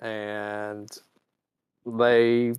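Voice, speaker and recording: A man's voice: lowish voice, smooth, no echo, phone-quality sound. Man animatedly recapping a TV episode. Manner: animated, acts out characters in quick voices. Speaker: podcast co-host. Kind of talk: casual chat recapping an episode.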